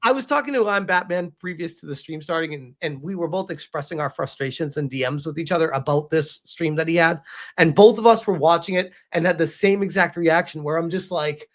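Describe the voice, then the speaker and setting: Male host, high voice, casual chat, agrees constantly, exasperated. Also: a little fast. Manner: agreeing loudly, lots of "yep", exasperated. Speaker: stream host.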